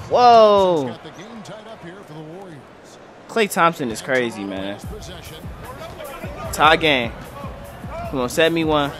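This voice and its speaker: A young man calls his basketball video game as he plays, his voice sitting high and swinging all over the place. He reacts in excited bursts and talks trash at the screen. Faint game music and arena crowd noise run underneath. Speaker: gaming commentator. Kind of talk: live gameplay commentary.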